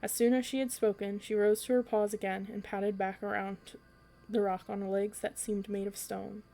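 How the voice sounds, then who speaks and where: A woman reading a children's book aloud for a storytelling podcast, in an even way with an occasional slip and restart. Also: medium pitch, normal speed, creaky, soft background music.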